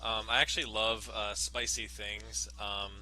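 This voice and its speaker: Animated bright-voiced man from Virginia. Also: on the low side, unhurried, a little hiss or hum. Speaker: podcast co-host. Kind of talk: casual chat. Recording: echoey room.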